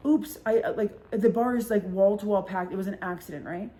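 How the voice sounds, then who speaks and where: A woman's voice: medium pitch, a little fast, dark tone. A young woman spins a night-out story for her podcast. She is loose and chatty, swears freely and scatters "like" through every sentence. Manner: chatty and profane, many filler likes. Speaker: podcast host. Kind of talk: casual storytelling chat.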